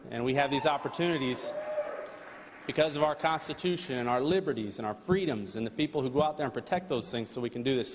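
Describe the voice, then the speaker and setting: A man, a race car driver, giving an earnest, halting thank-you speech at an awards banquet. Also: medium pitch. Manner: earnest, halting, with frequent restarts and fillers. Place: large banquet hall. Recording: long hall reverb, faint background noise.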